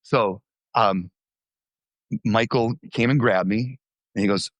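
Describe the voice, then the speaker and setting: Low-voiced man telling candid stories. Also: takes it slowly, no room sound. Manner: candid, conversational, with frequent fillers and restarts. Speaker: former youth pastor. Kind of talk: candid interview storytelling.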